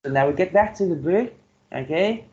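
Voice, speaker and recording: A man's voice: sits high, expressive, mellow, lo-fi sound. A male English teacher with a Vietnamese accent, giving an online class lecture and checking in with "okay" and "right?" after nearly every phrase. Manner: slow, repeats "okay" and "right?" to check understanding.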